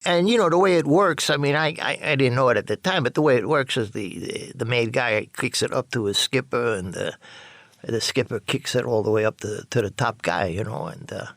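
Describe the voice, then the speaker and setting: An older man telling rambling, profane stories with lots of halting restarts. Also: mid-range voice, a bit bright, no room sound. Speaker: interviewee. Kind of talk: personal storytelling.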